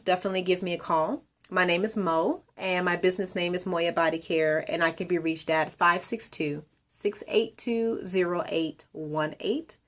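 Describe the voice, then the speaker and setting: Calm upbeat woman, slightly low voice. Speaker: colon hydrotherapist and business owner. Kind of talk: motivational video message.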